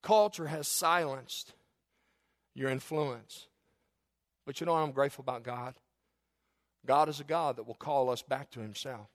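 A man preaching a sermon, moving between loud emphatic peaks and soft hushed passages, and reading scripture slowly and dramatically. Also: medium pitch. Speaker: pastor.

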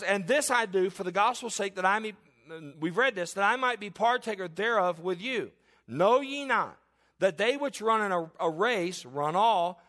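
A man's voice: sits high, a bit bright. A man in his forties preaching a sermon and reading Bible verses aloud, emphatic and given to repeating and restarting his phrases. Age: 40s.

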